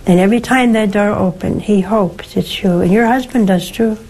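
An older woman, a nun hosting a call-in show, teaching faith in a slow, gentle, emphatic way with rhetorical questions. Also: medium pitch, low-quality recording. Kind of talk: religious teaching and call-in advice.

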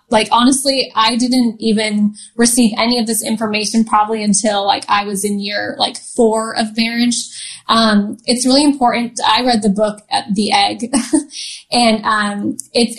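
A woman in her thirties tells a personal story as an interview guest, her voice sitting a little high. She talks in a chatty, loose way, full of fillers and restarts, and laughs often. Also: low-quality recording.

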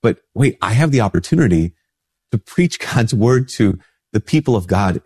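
A middle-aged priest hosting a casual spiritual talk, stuffy-nosed from a cold, chatting easily and acting out little dialogues. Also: male voice, expressive, normal speed, darkish tone, husky. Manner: conversational, acts out little dialogues with rising pitch. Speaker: priest and show host.

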